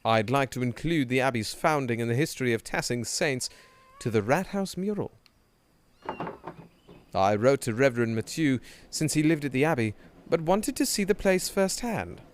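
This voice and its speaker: A man's voice: medium pitch, expressive, moderate pace, a little hiss or hum. A man streaming a game live, reading dialogue aloud with wry, playful asides. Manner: wry, playful asides between read lines.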